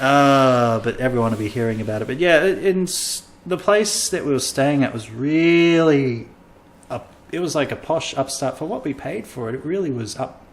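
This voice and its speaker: A man's voice: mid-range voice, expressive, moderate pace, a little hiss or hum. Rambling self-mocking man chatting. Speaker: comedian podcast host. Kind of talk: casual chat.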